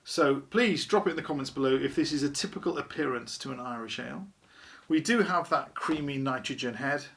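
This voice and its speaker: A man's voice: mid-range voice, brisk, creaky, fairly bright tone, slight background noise. A man hosting a casual beer review vlog, chatty and wry, poking fun at himself. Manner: chatty, wry, self-deprecating.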